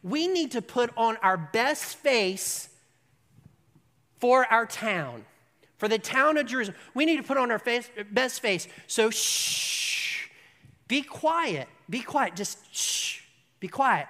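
A preacher acting out a crowd of townspeople who scold a beggar in a hushed, bossy voice. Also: mid-range voice, animated, slow, long reverb tail.

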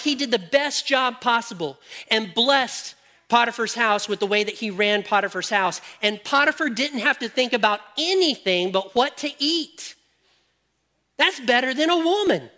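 A man preaching a sermon, animated and joking with his listeners, then dropping to quiet, probing questions. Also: high-pitched. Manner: animated, jokes with the audience, drops to quiet questions.

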